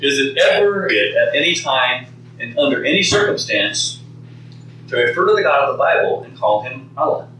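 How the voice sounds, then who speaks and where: A man's voice: mid-range voice, expressive, moderate pace, bright, forceful tone, slight background noise. A man giving a live teaching talk to a group, talking conversationally, often repeating words and putting questions to the audience. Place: meeting room with an audience. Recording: very echoey room from far off.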